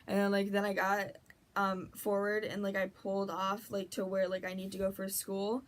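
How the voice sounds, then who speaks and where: A young adult woman chats to camera for her vlog, spinning a long story with "like" in nearly every breath. Her delivery is loose, run-on and breathless at times, a casual storytelling voice at a middle pitch. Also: completely flat delivery, fast. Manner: rambling, filler-heavy, breathless retelling with many "like"s. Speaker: vlogger.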